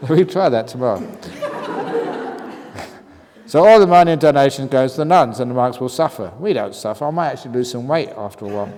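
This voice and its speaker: A Buddhist monk teacher with a medium-pitched, animated, somewhat dark voice speaks at a moderate pace, answering retreat questions in a humorous talk. He reads the written questions aloud and chuckles often. The recording comes from a retreat meditation hall, reverberant with faint noise.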